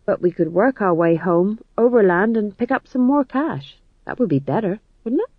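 A man's voice: sits high, expressive, normal speed, no echo, phone-quality sound, pitched above the performer's own voice. A man voicing a shrewd, money-minded young male actor in an audiobook reading. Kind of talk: audiobook narration.

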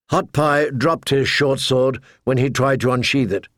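A man narrating a story in a measured, deliberate way into a close studio mic. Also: medium pitch, steady tone, dry recording. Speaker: audiobook narrator. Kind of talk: scripted narration.

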